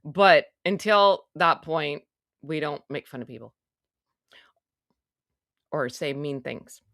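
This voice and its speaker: A woman's voice: deep voice, expressive, slow pace, vocal fry, fairly bright tone, no echo, studio quality. A woman hosting a casual livestream, chatty and self-mocking, muttering to herself as she goes. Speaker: livestream host.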